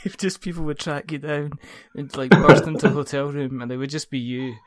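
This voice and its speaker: A man hosting a podcast interview, jokey and quick to laugh, spinning comic scenarios between his questions. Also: a little high. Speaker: podcast host. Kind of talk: casual interview chat.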